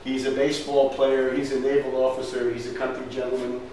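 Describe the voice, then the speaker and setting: A man's voice: mid-range voice, completely flat delivery, brisk, darkish tone. A man lecturing, emphatic and fond of rhetorical questions, recorded from far off in a strongly echoing hall. A faint room hum sits under his mid-range voice. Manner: emphatic, asks rhetorical questions, says "right?" often. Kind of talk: historical lecture with slides.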